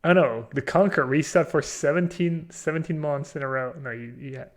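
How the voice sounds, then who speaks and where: A man streaming a card game, chatting casually and thinking out loud while poking fun at himself. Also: on the high side, normal speed. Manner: chatty, self-mocking, thinks aloud. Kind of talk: casual live-stream commentary.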